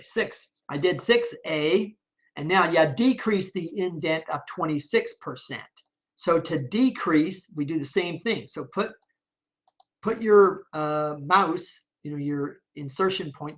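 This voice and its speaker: A male instructor talking students through a software task on screen, checking each step aloud and often asking "okay?". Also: a little high, lo-fi sound. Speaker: college instructor. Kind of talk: screen-recorded software tutorial. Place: at a computer, voice-over on screen capture.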